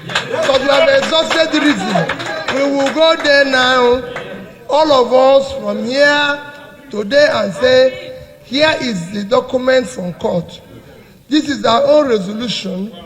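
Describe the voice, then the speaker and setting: A man addressing a party meeting, speaking deliberately and repeating words as he gathers his thoughts. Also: very high voice, fairly bright tone. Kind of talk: public address. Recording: echoey hall with long reverb.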